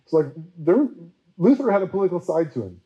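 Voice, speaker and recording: Male preacher, casual storyteller, chatty with filler words, slightly high pitch, mellow tone. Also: big pitch swings, highs cut off. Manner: chatty, with many fillers and quick acted-out quotes. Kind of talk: casual history teaching talk.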